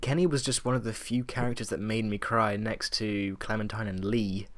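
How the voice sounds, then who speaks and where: A man's voice: on the low side, steady tone, normal speed. A man interviewing a guest, asking questions and chatting in a friendly, plain way. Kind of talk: casual interview.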